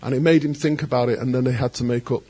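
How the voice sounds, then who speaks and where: A man preaching a sermon as pastor, animated, acting out quoted voices and adding joking asides. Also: mid-range voice, fast talker, slightly rough.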